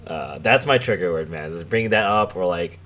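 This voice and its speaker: A man's voice: low voice, lively intonation, moderate pace, a bit bright. Rambling, profane young man. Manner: rambling, profane, chuckling storyteller. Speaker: podcast host. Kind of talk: casual chat.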